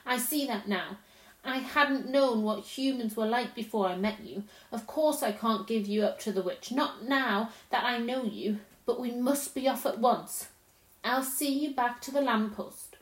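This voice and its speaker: A woman's voice: a little high, a little slow, close to an everyday voice. A woman voicing a timid, kindly male faun who speaks in an anxious, fretful, politely old-fashioned way. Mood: urgent. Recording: roomy echo.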